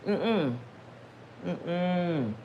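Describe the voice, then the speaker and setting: A middle-aged woman with a somewhat low voice tells her own story to viewers in a casual, emphatic way. She talks straight at the audience and breaks into religious exclamations. When she gets worked up, her voice climbs high. Faint background noise sits behind her. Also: expressive, very slow, dull audio. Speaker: storyteller vlogger.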